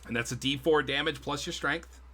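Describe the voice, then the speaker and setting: A man's voice: a little high, brisk, bright, forceful tone. A man running a tabletop game as game master, casual and swearing, with frequent laughs. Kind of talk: narrating a tabletop game on stream.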